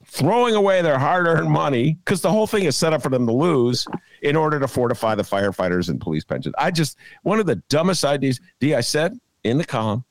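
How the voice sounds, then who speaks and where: A man hosting a comic talk podcast, rambling and excitable, often laughing at his own jokes. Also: on the high side, fairly quick, no room sound. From Chicago. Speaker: podcast host. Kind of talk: casual comic talk show. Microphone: video call.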